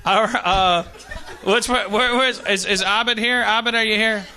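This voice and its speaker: A man's voice: high voice, steady tone, a little slow, noisy background. A man hosting a live podcast, rambling and profane, mocking himself as he talks. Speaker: podcast host. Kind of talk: live podcast banter on stage.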